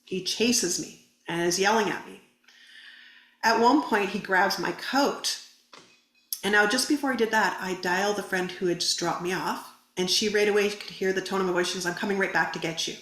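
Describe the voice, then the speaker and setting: A woman's voice: medium pitch, moderate pace, fairly bright tone. Woman guest telling her story on a podcast, earnest, quotes everyone, echoey room. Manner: earnest, vivid retelling with quoted dialogue. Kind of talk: personal story in a podcast interview. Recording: roomy echo.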